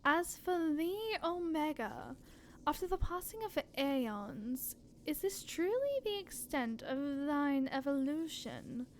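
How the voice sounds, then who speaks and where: A woman voicing an ancient godlike being, speaking slowly in grave, archaic tones. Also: high-pitched, sing-song, a little hiss or hum, heavily acted. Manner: archaic, slow and solemn.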